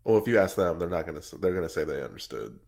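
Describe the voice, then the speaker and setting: Male co-host with a lowish voice and lively pitch, jokey and animated. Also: rapid-fire, gravelly. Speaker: podcast co-host. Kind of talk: casual chat.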